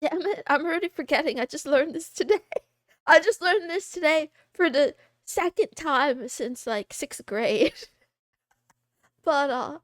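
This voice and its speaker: A woman's voice: high voice, expressive, a little slow, no room sound, clean studio sound. A woman in her twenties chatting casually on a livestream, rambling and giggly, often poking fun at herself. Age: 20s. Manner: rambling, giggly, self-deprecating. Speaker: streamer.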